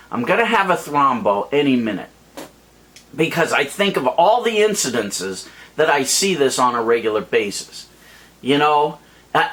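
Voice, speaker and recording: A man with a notably high-pitched voice delivers a heated vlog rant straight to camera. He sounds exasperated and worked up. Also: fairly bright tone. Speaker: YouTube vlogger. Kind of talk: ranting vlog monologue.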